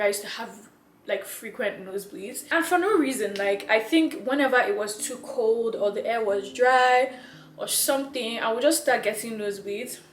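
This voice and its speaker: A woman's voice: on the high side, slight background noise. A young woman from Nigeria, out of breath, chatting casually to her viewers as a vlogger, laughing and repeating herself. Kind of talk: casual chat to camera. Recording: echoey room.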